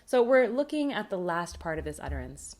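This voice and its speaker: A woman presenting a recorded academic conference talk, reading a prepared script in a measured, explanatory way. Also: on the low side, very animated, darkish tone.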